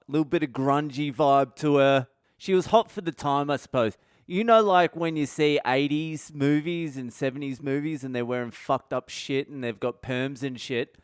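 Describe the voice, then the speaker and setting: A man's voice: on the high side, clear, resonant tone, dry recording, clean studio sound. A middle-aged man, hosting a podcast and telling a comedic story in a rambling, candid way with heavy swearing. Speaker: podcast host.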